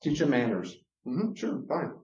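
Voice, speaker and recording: A man's voice: medium pitch, very animated, unhurried, a little mellow. A man with a Southern US accent, a Christian counselor giving an impassioned, emphatic lecture to a class. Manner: emphatic, gets worked up. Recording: roomy, dull lo-fi room recording.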